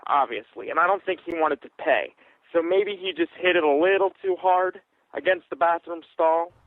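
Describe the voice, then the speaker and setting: A man's voice: on the high side, no room sound. Blunt man on a tinny line. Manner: blunt, crude jokes. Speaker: podcast co-host. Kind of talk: casual movie review chat. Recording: tinny, lo-fi and dry.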